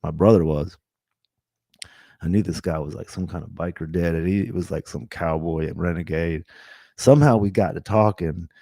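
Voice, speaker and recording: Fifties guy spinning a long story on his podcast, keeps restarting, low voice, dry sound. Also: moderate pace, warm tone, no room sound. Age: 50s. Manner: rambling, with many restarts and laughs. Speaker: podcast host. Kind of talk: casual storytelling.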